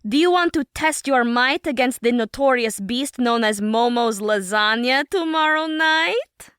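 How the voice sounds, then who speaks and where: A man's voice: very high-pitched, animated, measured pace, sharp tone, smooth, no room sound, clean studio sound, pitched above the performer's own voice, full character voice. A man reading an audiobook, voicing a playful, mischievous young cat girl woman. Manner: gleeful, teasing. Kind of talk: audiobook character voice.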